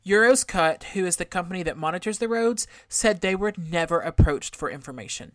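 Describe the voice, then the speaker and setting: Podcast co-host, woman, low voice, dry sound, casual true crime recap. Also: lively intonation, fairly quick, no room sound. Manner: explains a case from notes, casual swearing.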